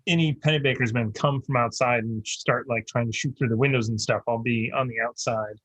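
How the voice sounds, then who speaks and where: A man playing a tabletop game, talking in a halting way as he thinks aloud about his move. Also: medium pitch, steady tone, fairly bright tone, dry recording, rough recording. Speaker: player. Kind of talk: casual tabletop game chat.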